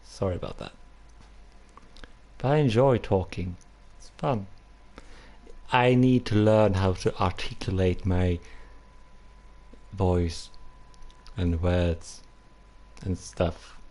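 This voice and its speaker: A man's voice: low-pitched, fairly even intonation, slow, pauses often, warm tone. A young man chatting casually on a live stream, rambling and apologizing for himself. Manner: rambling, self-conscious, apologetic.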